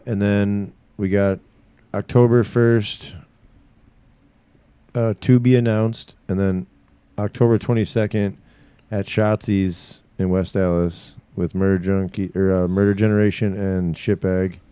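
A man's voice: lowish voice, little pitch movement, measured pace, dark tone, clean tone, no room sound. A man, talking crude and rambling on a casual podcast, swearing often. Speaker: podcast co-host, band member.

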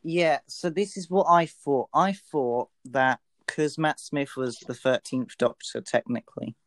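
A man's voice: medium pitch, unhurried, dry recording. A man co-hosting a casual podcast chat, talking hesitantly with many fillers. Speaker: podcast co-host.

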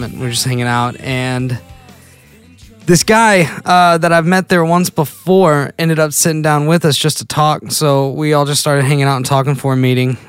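A man's voice: medium pitch, smooth, dry recording. Guy rambling through stories on his own show, mid voice, dead dry room. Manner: rambling, self-interrupting storyteller. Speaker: podcast host. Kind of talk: casual solo chat.

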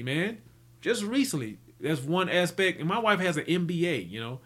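A man's voice: a little high, fairly bright tone. A man telling stories from his business life in a rambling, casual way, full of restarts and fillers. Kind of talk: casual storytelling.

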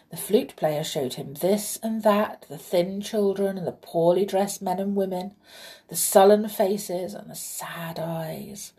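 A woman with a lowish voice reads a children's story aloud, gentle and expressive. She chats warmly with the young listeners as she goes.

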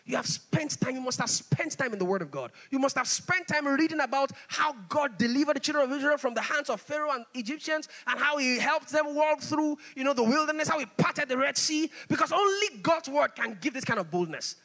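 Male pastor, high and bright, preaching with emphatic repetition in a reverberant hall. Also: a little fast, hardly any pauses. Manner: animated, repeats phrases for emphasis. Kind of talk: sermon.

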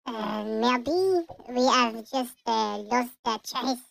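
A player voicing a dramatic small French baby in a mock French accent with French words thrown in, through a pitched-up childlike voice. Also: slow pace, gravelly, a bit bright, no room sound, heavily acted, low-quality recording. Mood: earnest.

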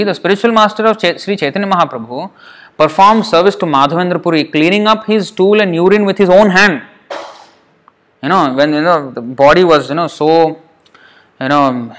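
A man's voice: a little high, fairly bright tone. A man giving a scripture lecture, retelling a story and explaining it with frequent "you know" asides. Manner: explanatory, many "you know" fillers, acts out quotes. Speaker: preacher.

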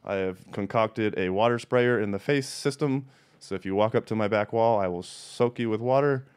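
A man's voice: lowish voice, normal speed, clear, resonant tone. A man hosting a podcast, telling blunt, profanity-laced stories in a casual chatty way. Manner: profane, blunt, animated storyteller. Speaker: podcast host. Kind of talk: casual storytelling.

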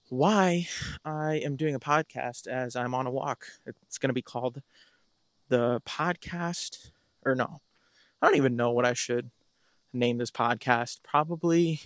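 A man's voice: mid-range voice, no echo, clean studio sound. A man hosting a podcast, talking casually into his phone while outdoors on a walk, a little out of breath, rambling and correcting himself as he goes. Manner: rambling, self-correcting and candid. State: slightly out of breath from walking. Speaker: podcast host. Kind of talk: casual walking monologue.

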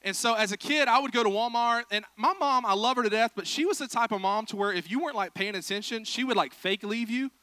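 Bright-voiced preacher, joking. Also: male voice, very high voice, fast, hardly any pauses, smooth, no echo. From South Georgia, USA. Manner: joking, chatty, self-deprecating. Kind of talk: humorous sermon. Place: church.

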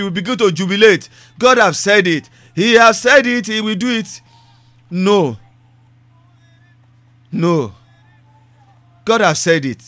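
Bright high-voiced male preacher. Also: no room sound. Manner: preaching with repetition and rising emphasis. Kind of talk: sermon.

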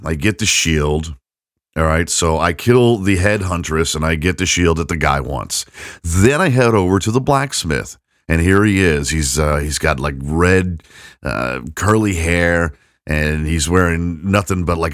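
A man's voice: low voice, expressive, measured pace, fairly bright tone, dry recording, studio quality. A middle-aged man hosting a podcast, rambling through a funny story and laughing at himself. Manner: rambling, self-mocking, laughing at his own story. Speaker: podcast host. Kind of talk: casual storytelling monologue.

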